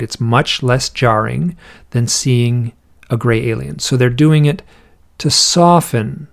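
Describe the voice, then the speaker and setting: Man, gravelly voice, interview guest, musing storyteller, thinks aloud. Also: mid-range voice. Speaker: interview guest, researcher of alien encounter accounts. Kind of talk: casual interview talk.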